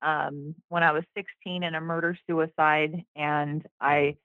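A woman in her thirties calling in to a show, speaking hesitantly and haltingly. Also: sits low, little pitch movement, no room sound. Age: 30s. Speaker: caller. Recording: dull phone-in line.

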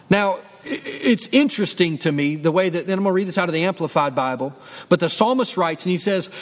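A man's voice: sits high, long reverb tail. A man preaching a sermon in an earnest, encouraging way, repeating key phrases for emphasis. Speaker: pastor.

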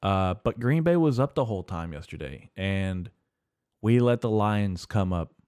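A man's voice: lowish voice, lively intonation, measured pace, a little mellow, smooth, no room sound, clean studio sound. A man hosting a casual solo podcast, rambling and swearing heavily as he rants, full of fillers and restarts. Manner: profane, rambling, heavy swearing; filler-heavy, restarts often. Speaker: podcast host.

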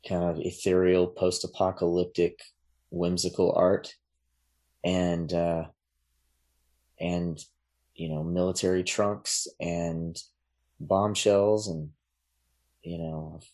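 A man talking as a podcast guest in casual chat, relaxed and rambling, with many fillers and restarts. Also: sits low, slow, pauses often.

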